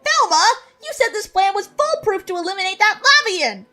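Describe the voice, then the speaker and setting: A woman doing a loud, boastful squid creature. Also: very high-pitched, a little slow, soft background music, voice pushed up, heavily acted. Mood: excited, loud. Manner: shouty, excitable, boastful.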